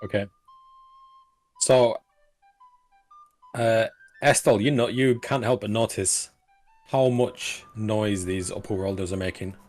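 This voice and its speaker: A man running a tabletop game as game master, giving calm, measured rulings. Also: fairly low pitch, faint music behind.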